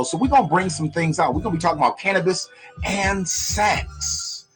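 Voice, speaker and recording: A man hosting a casual live stream, talking loudly and profanely and joking with viewers. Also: high-pitched, moderate pace, poor audio. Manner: loud, profane, joking, greets viewers by name. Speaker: live show host. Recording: music playing in the background.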